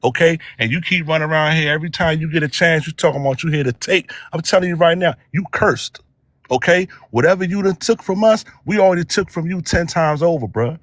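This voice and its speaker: A man's voice: a little high, fairly quick, no echo, studio quality. A man from the United States in a heated debate, delivering a profane, scornful tirade full of slang and repetition. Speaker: debate panelist.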